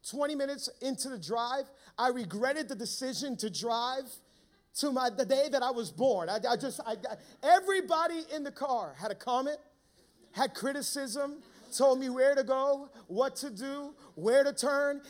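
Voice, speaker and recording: A man pastor preaching a sermon, telling a funny story and calling out to the church. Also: extremely high pitch. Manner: preaching with humor, calls to the church.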